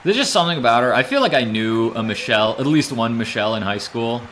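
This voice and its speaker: A man streaming a video game, talking casually and rambling, then bursting into loud excited shouts during play. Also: mid-range voice, fast talker, a little hiss or hum. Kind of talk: casual live gameplay commentary.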